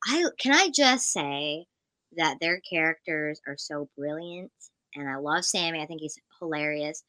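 A woman co-hosting a casual chat over a remote call, her voice bright and forceful. She talks in an excitable, rambling way, hopping from one thought to the next, and the sound is close and dry with no room around it. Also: low voice, a little slow, no echo. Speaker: podcast co-host.

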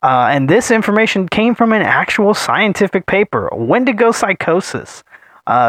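A man's voice: mid-range voice, fairly bright tone, dry recording. A man co-hosting a casual podcast chat, telling things in a dramatic, teasing way. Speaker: podcast co-host.

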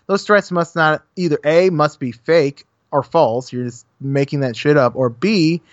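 A man's voice: fairly high pitch, expressive, moderate pace, dry recording, lo-fi sound. A man in casual political chat, heated and sarcastic, mocking people with quoted voices.

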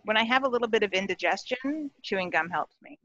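A woman's voice: mid-range voice, lively intonation, quick pace, sharp tone, dry recording, highs cut off. A woman co-hosting a podcast over a video call, chatty and rambling. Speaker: podcast co-host. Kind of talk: casual chat.

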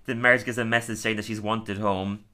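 Podcast guy recapping an episode, kinda low voice but bright, rambly, laughs a lot. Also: flat delivery, moderate pace. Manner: chatty, laughs often, fills with "like". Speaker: podcast co-host.

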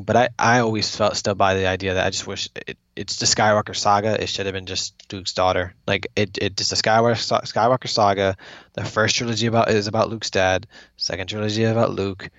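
A man's voice: on the low side, a bit bright, dry recording, dull audio. A man co-hosting a casual podcast chat, rambling with many restarts and fillers. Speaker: podcast co-host.

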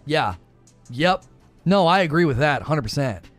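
A man hosting a casual live stream, rambling through quick asides and reading out chat. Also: a little high, lively intonation, soft background music. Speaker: livestream host.

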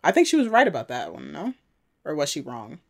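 A woman co-hosting a casual chat, retelling scenes with quick voices for the characters. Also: low-pitched, huge pitch swings. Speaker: podcast co-host recapping a TV episode.

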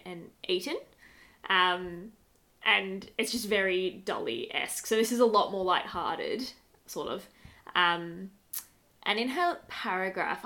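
A woman's voice: mid-range voice, a bit bright. A woman co-hosting a podcast in casual chat, talking loosely with many fillers and laughs. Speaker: podcast co-host.

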